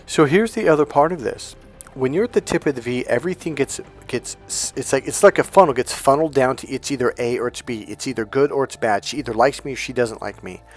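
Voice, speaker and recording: A man's voice: quick pace, soft background music. A man coaching on dating, talking casually and with energy, swearing freely and acting out other people's voices. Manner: animated, profane, acts out voices with big pitch jumps. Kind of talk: casual storytelling monologue.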